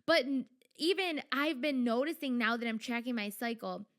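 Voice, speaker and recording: A young adult woman hosting her own podcast, talking in a chatty, animated way with lots of fillers and quoted inner voices. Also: on the high side, moderate pace. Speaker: podcast host. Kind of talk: casual solo podcast talk.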